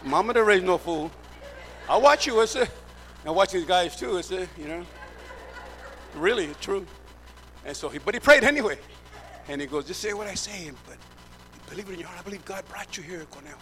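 A man's voice: high-pitched, fairly quick, long pauses, a bit bright. A middle-aged man preaching, telling his testimony as an emphatic storyteller who acts out the dialogue. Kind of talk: sermon testimony. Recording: clear background hum.

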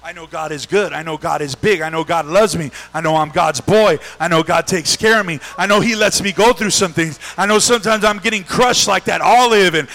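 A male pastor preaching a sermon with call-and-response, swinging from shouted, drawn-out refrains down to near-hushed talk. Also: sits high, poor audio.

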